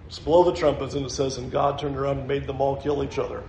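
A man preaching a sermon, animated and often laughing as he acts out the voices in a Bible passage. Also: mid-range voice, quick pace, vocal fry, roomy sound, a little hiss or hum. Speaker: pastor.

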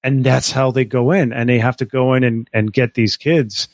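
A man with a mid-range voice tells a story on a casual podcast. He talks in a lively, excited way, swears freely and often restarts his sentences. The sound is dry and close, with no room sound. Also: medium pitch, normal speed, dry recording. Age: adult, married. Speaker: podcast co-host. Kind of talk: casual chat.

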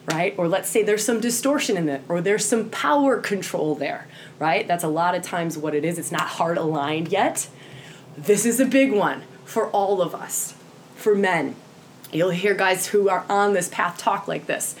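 A woman's voice: fairly low pitch, lively intonation, a little slow, a little hiss or hum. A woman teaching tantra to a group in an impassioned way, often checking in with "right?" and acting out quoted voices.

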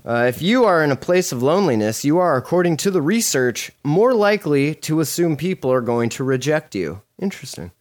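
A man co-hosting a casual podcast, reading articles aloud and dropping crude deadpan jokes between passages. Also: a little high, brisk, hardly any pauses. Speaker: podcast co-host.

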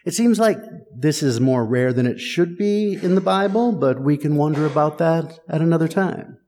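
A man's voice: on the high side, animated, moderate pace, dark tone. A man preaching a sermon in a conversational, wry and teasing way, talking directly to his congregation. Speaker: pastor. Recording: long hall reverb.

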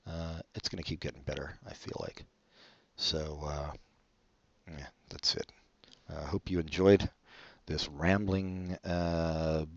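Low-voiced, mumbling, self-deprecating man. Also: no room sound, muffled recording. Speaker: podcast co-host. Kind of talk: rambling solo podcast chat.

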